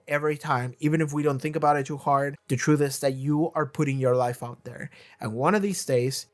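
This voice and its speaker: A man reviewing a TV season in a rambling, casual monologue, full of filler words and offhand swearing. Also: medium pitch. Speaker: video reviewer.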